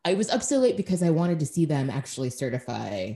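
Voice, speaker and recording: A woman co-hosting a podcast in casual chat, animated and self-deprecating, laughing often. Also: sits low, fast talker. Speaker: podcast co-host.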